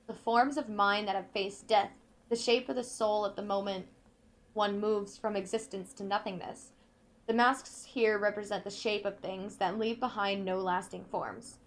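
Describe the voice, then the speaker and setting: A woman doing a let's play reads in-game notes aloud in a mid-range voice, slow and careful. Now and then she breaks off to comment.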